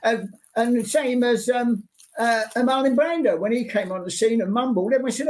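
Elderly man telling lively anecdotes. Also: very high voice, moderate pace. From London. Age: 80s. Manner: animated, repeats words, acts out quotes. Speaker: interview guest, sports artist. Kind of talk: anecdotal storytelling in an interview. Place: home studio.

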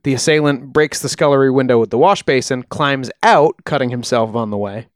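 A man's voice: mid-range voice, fairly quick, no room sound, clean studio sound. Man telling a true-crime story casually. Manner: relaxed, uses fillers like uh and um. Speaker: podcast co-host.

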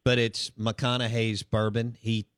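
A man's voice: fairly low pitch, measured pace, smooth, dry recording, studio quality. Chatty man on sports radio. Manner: relaxed and chatty, with many fillers. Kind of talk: casual radio chat.

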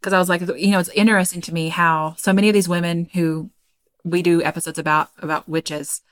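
A woman with a Kentucky accent, her voice slightly low, tells a story on a podcast. She keeps it loose and chatty, with quick asides to her co-host. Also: little pitch movement. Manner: chatty, laughs often, spells out names slowly.

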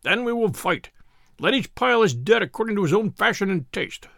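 A man's voice: high voice, sing-song, fairly quick, creaky, a bit bright, no echo, studio quality, full character voice. A medieval king, played by a man reading aloud, speaking with grim resolve in old-fashioned words. His voice rises and falls with energy in this audiobook scene. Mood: resolute. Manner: resolute, archaic speech. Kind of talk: audiobook character voice.

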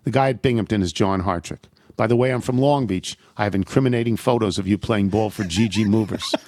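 A man's voice: lowish voice, fairly quick, a little mellow, dry recording. Dry-humored man reading listener mail. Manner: wry, amused, laughs at the letters. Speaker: radio show host reading listener emails.

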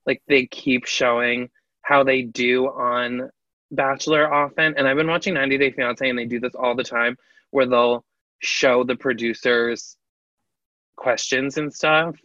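Bright-voiced man co-hosting a podcast. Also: medium pitch, measured pace, dry recording. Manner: animated, laughs often, acts out quoted people. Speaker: podcast co-host. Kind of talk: casual chat. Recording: slightly dull, lo-fi audio.

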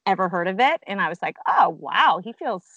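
Animated, frank woman co-host. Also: mid-range voice, fast, dry recording, dull audio. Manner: animated, agreeing, frank and profane. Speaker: podcast co-host. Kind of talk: casual chat.

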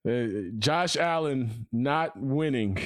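A man's voice: mid-range voice, animated, slow, no room sound, studio quality. A man hosting a casual sports podcast, joking and swearing, acting out voices in his stories and laughing often. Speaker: podcast host, sports reporter.

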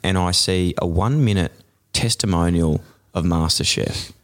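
A young man chats on a podcast in a lowish voice. He talks loosely, slips into mock-outraged rants and laughs easily. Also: normal speed. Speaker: podcast co-host. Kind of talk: casual chat.

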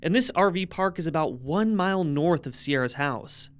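A man co-hosts a true-crime podcast, trading easy remarks and reading through the case. His voice sits a little high and sounds smooth and clear. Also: expressive, normal speed. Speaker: podcast co-host. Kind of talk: casual true-crime podcast chat and narration.

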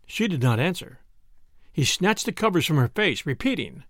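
A man narrating a classic short story as the podcast's reader, in a measured storytelling manner. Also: fairly high pitch, sing-song, a bit bright, no echo, studio quality. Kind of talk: scripted narration.

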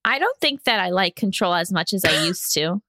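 A woman co-hosting a casual podcast chat, reacting quickly and laughing. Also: lowish voice, expressive, pushed and bright, no echo. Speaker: podcast co-host.

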